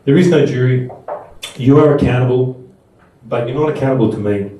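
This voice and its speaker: A middle-aged man speaks briskly in a mellow, mid-range voice, with slight background noise. He's giving a chatty, anecdotal talk to a live audience at a Buddhist seminar, restarting often. The mic catches him from a distance in a very echoey room.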